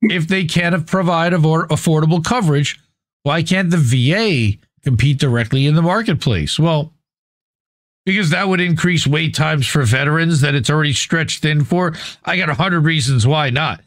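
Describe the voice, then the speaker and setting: Recorded close and dry with no room sound, a male podcast host with a somewhat high voice reads an article aloud at a moderate pace. He keeps answering the passages bluntly, swearing casually with a confident, opinionated edge.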